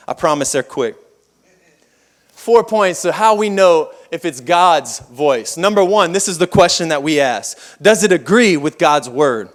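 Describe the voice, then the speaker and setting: A man preaching a sermon at a church service, telling folksy stories with rambling asides. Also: high-pitched. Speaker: pastor.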